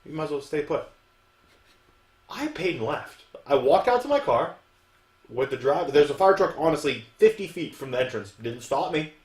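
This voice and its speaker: A man, co-hosting a podcast and telling profane, animated stories in casual chat. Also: a little high, moderate pace. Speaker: podcast co-host. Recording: roomy echoey room.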